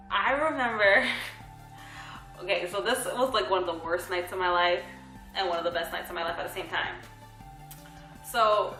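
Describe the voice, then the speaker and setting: Young woman vlog co-host, bubbly storyteller with a bright voice, laughs a lot, echoey room. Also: fairly low pitch. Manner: bubbly, laughs often, acts out quoted dialogue. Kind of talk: casual storytelling to camera.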